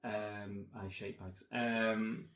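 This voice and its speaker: A man's voice: on the low side, flat delivery, drawn-out words, a bit bright. Dry Scottish man in an echoey room. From Scotland. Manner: dry, matter-of-fact, swears casually. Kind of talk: casual chat.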